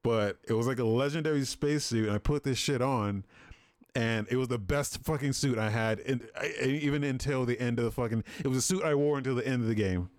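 A man's voice: mid-range voice, fairly quick, no room sound, clean studio sound. A young man on a gaming podcast, telling a game story casually and swearing freely. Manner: swears a lot, animated storytelling. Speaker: podcast co-host.

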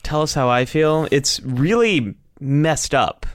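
A man's voice: on the high side, animated, takes it slowly, no room sound. A man from the United States hosting a casual podcast discussion, talking candidly and reflectively and laughing wryly at himself. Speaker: podcast host.

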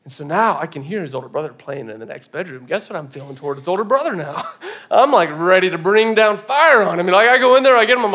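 Animated storytelling pastor, a man. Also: sits high, quick pace. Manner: animated storytelling, acting out scenes, swinging from soft to loud. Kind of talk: sermon storytelling. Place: church stage.

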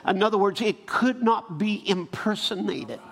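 A man preaching a sermon, rising from calm storytelling into loud, fervent exhortation. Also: sits high, a little slow, creaky. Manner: building to shouted exhortation.

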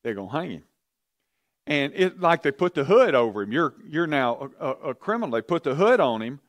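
A man's voice: fairly high pitch, very animated, fairly quick, dry recording. A man teaching a Bible study, telling the story with energy and asking his class questions.

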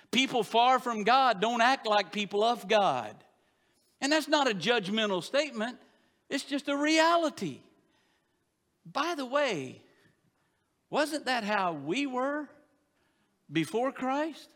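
A man preaching a sermon as pastor, animated and emphatic, dropping at times to soft confessional tones. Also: extremely high pitch, measured pace. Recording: long hall reverb.

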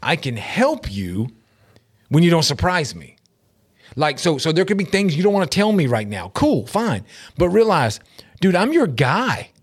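A middle-aged man co-hosting a casual talk show, his voice sitting a little high. He is animated and laughs often, acting out quoted lines in shifting voices. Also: normal speed, husky. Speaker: podcast co-host. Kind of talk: casual chat.

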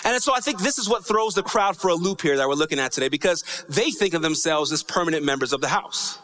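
A man's voice: on the high side, expressive, fast talker, a bit bright. A man preaching a sermon as pastor, talking conversationally with frequent "right?" asides and a lilting, sing-song cadence on key lines. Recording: long reverb of a large hall.

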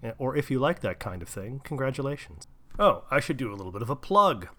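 A man's voice: medium pitch, sing-song, fast, fairly bright tone. A man hosting a radio show, chatting casually and jokingly with a nasal voice as he gets over a cold. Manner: jokey, rambling, enthusiastic. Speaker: radio host.

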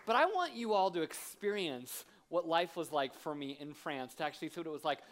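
A man, a guest preacher giving a sermon in a church, lively and self-deprecating as he acts out funny stories. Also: fairly high pitch, fairly quick, slight background noise. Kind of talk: sermon with humorous storytelling. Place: church sanctuary.

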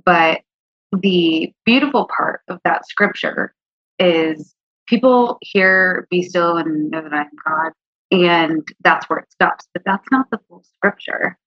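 A woman's voice: on the low side, takes it slowly, dry recording. A woman guest sharing her faith testimony in an earnest, heartfelt way, at times close to tears. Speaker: interview guest. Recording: dull, slightly lo-fi, dry sound.

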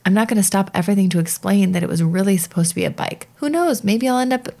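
A woman's voice: medium pitch, very fast, gravelly, dark tone. A woman in her thirties co-hosting a parenting podcast, chatting casually and reading book passages aloud with playful emphasis. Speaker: podcast co-host.

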